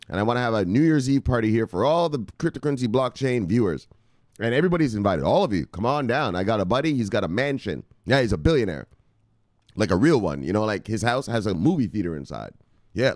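A man's voice: fairly low pitch, very animated, fast, dry recording. Hyped-up guy doing a crypto news show, voice swings all over, dry close sound. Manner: hyped, shouting catchphrases, laughing, profane. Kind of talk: excited casual crypto commentary. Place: home near the beach.

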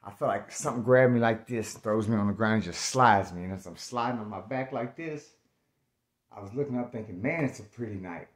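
A man's voice: fairly low pitch, fairly quick. Slangy man telling a wild story. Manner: animated, slangy, acts out scenes with loud outbursts. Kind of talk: casual spoken storytelling.

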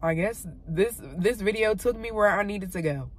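A woman's voice: medium pitch, moderate pace, no echo. Tearful, heartfelt woman in her car. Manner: heartfelt, swings from loud exclaiming to soft near-whispers. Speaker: vlogger. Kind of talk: emotional faith vlog, talking to camera. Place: parked car.

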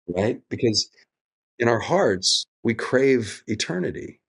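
A middle-aged man speaking as a guest in an interview, earnest and thoughtful, with lively quoted asides. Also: medium pitch, takes it slowly, gravelly, slightly rough. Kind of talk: reflective interview conversation.

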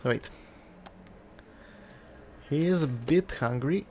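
A man's voice: on the high side, slow, darkish tone, a little hiss or hum. A man casually commenting on his own survival game as he plays, muttering to himself and talking to the game. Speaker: let's play gamer.

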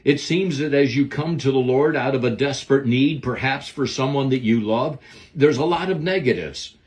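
A man's voice: medium pitch, moderate pace, darkish tone. A man giving a devotional Bible lesson, preaching in an earnest, emphatic way. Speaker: Bible teacher.

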